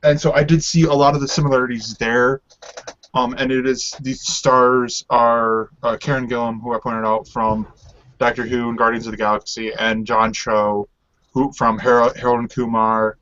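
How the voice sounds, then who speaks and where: A man's voice: medium pitch, level tone, normal speed, a bit bright. A man co-hosting a casual podcast about TV, easygoing and full of hesitant fillers. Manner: hesitant, many ums, easygoing, laughs often. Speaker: podcast co-host. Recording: dull lo-fi sound.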